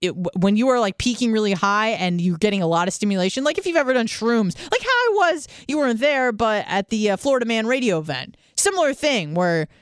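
Young woman, mid-pitch, lively storyteller, dry close mic, salty language. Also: quick pace, few pauses, clear, resonant tone, no room sound. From California. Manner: animated, swearing, acts out voices in the story. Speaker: podcast guest. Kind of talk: casual storytelling.

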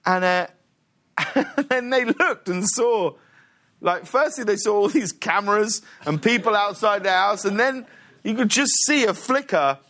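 A man with a rather high voice tells a story as a guest on a television talk show. He talks in an animated way and keeps breaking into laughter. His sentences are full of "like" and "uh". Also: unhurried. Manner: laughs often, fills with "like" and "uh". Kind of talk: animated anecdote telling. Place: television studio.

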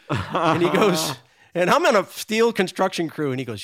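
A man in his sixties from New England, a guest telling a story in casual chat, animated, profane and self-mocking. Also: on the high side, moderate pace.

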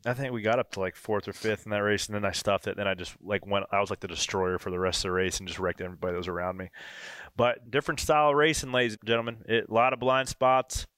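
A man hosting a podcast, chatting loosely and excitedly about racing. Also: on the low side, fast talker, clean tone, dry recording. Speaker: podcast host and race driver. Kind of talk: casual podcast banter.

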